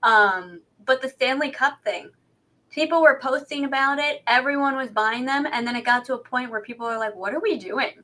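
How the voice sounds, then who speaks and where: A woman's voice: high voice, normal speed, pushed and bright. A woman co-hosting a podcast in casual chat, talkative and self-deprecating, posing rhetorical questions. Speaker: podcast co-host.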